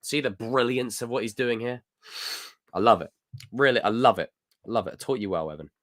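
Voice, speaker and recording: A young Scottish man hosting a casual live chat, reading comments and ranting in a jokey, animated way. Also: mid-range voice, brisk, dry recording, studio quality. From Scotland. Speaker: livestream host.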